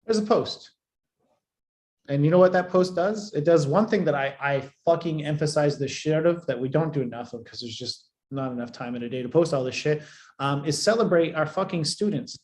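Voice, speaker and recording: A man coaching students in a live online training, blunt and profane, swinging between loud and soft for emphasis. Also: a little high, fairly quick. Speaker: marketing coach. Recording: echoey room.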